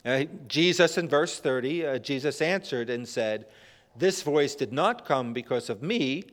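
A male preacher reads scripture and explains it during a sermon, halting often with "uh." His lively intonation rises when he quotes and drops low at the ends of phrases, all within a long hall reverb.

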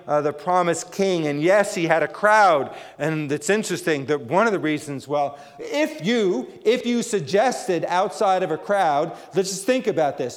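High-voiced preacher in a reverberant hall. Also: male voice. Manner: emphatic, repeats phrases, frequent restarts. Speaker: pastor. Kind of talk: sermon.

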